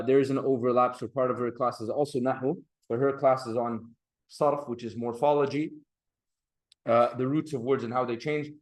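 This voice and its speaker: A man's voice: mid-range voice, darkish tone. A man teaching an Arabic grammar class, patiently explaining and drawing out the endings of Arabic words. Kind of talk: classroom lecture.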